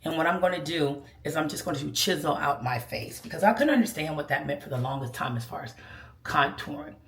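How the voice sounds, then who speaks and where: A woman's voice: low-pitched, lively intonation, fairly quick. A woman giving a casual makeup tutorial, chatty and sassy, calling viewers girl and child. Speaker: beauty vlogger. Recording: echoey room.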